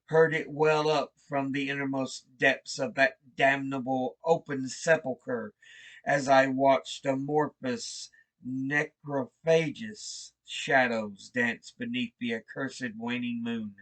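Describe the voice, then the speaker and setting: A man reading a horror story aloud in a slow, brooding, theatrical style. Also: medium pitch, fairly even intonation, fairly bright tone. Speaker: reader. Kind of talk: dramatic horror story narration.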